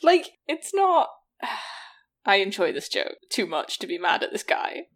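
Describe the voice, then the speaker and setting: A woman in casual conversation as a co-host. She reacts with wry, joking remarks and laughs often, keeping the talk loose. Her voice sits at an everyday middle pitch. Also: sing-song, unhurried, fairly bright tone. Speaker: podcast co-host. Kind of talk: casual chat.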